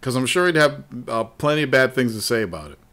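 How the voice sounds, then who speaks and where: A man's voice: medium pitch, lively intonation, fast talker, pushed and bright. A man hosting a gaming podcast, chatting casually about game news, swearing freely and laughing often. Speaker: podcast host.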